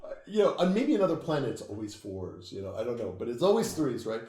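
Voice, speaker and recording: A man, an occult author, telling stories in a casual interview, swearing freely and getting animated. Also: medium pitch, fast talker, roomy sound. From United States. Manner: profane, animated storytelling, laughs at own tales.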